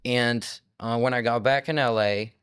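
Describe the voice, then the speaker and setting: A man's voice: medium pitch, fairly even intonation, moderate pace, a bit bright, smooth, dry recording, clean studio sound. A young man in his twenties, a musician from France whose first language is French, telling stories in a loose, rambling interview chat full of fillers. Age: 20s. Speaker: musician guest.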